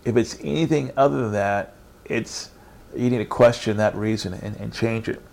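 Gravelly, low-voiced man teaching faith. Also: moderate pace, darkish tone. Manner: earnest, meandering, encouraging. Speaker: Christian teacher. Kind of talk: informal online faith teaching.

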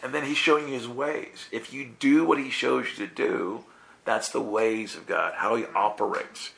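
A man preaching a lively sermon to listeners, telling stories with laughter and acting out the voices of the people in them. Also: mid-range voice, normal speed, vocal fry, a little hiss or hum. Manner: animated, laughing, acts out quoted voices.

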